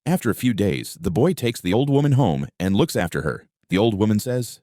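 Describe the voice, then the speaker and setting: Lowish male storybook narrator. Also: big pitch swings, normal speed, few pauses, mellow, no echo, clean studio sound.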